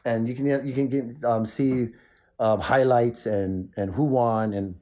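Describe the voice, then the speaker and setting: Excitable man, mellow voice. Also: medium pitch, slow. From Maui, Hawaii. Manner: excitable, hyped, rambling with repeats. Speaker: show host. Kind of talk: casual video chat.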